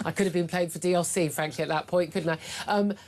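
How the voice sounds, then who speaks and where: A woman's voice: on the low side, steady tone, quick pace, darkish tone. A woman hosting a radio talk show, opinionated and sardonic, laughing often and sounding a little hungover. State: slightly hungover. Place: radio studio.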